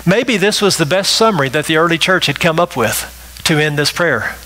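Preaching emphatically and repetitively, a male pastor keeps asking his congregation a rhetorical "right?". His voice is a little high, expressive, pushed and bright at a moderate pace, and the recording is rough.

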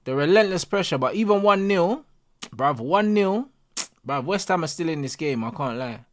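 A young man, reacting live to a football match as a streamer, excitable and full of slang. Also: on the high side, normal speed. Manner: excitable, slangy, repeating exclamations. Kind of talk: live watch-along reaction.

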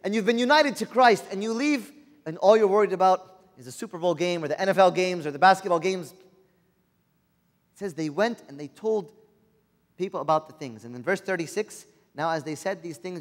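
Brief: male preacher, high voice, earnest sermon full of rhetorical questions, long hall reverb. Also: normal speed.

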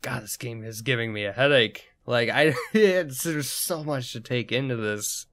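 A man giving casual commentary while playing a game, excitable and swearing when surprised. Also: medium pitch, moderate pace. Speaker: let's play host.

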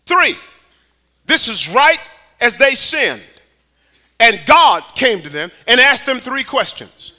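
High-voiced bright preacher, soft to shouting. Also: male voice, very animated, takes it slowly, pauses often. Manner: preaching with swings from hushed to shouted calls; folksy street phrasing, repeated rhetorical questions. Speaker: pastor. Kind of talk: sermon. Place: church sanctuary.

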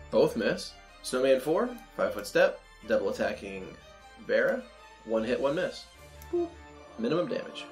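Brisk game master calling out rolls. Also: medium pitch. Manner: brisk, matter-of-fact rules calls. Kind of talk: running a tabletop game.

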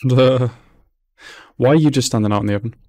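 A man's voice: mid-range voice, brisk, darkish tone, no room sound, studio quality. A man giving casual, amused running commentary while reacting to an anime episode, laughing often.

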